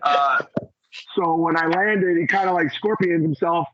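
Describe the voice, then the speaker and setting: A wrestler in casual chat with an interviewer, talking loosely and filling gaps with "you know" and "like.". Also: male voice, on the high side, a little slow, a bit bright, lo-fi sound. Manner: rambling, many fillers like "you know" and "like". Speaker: wrestler guest.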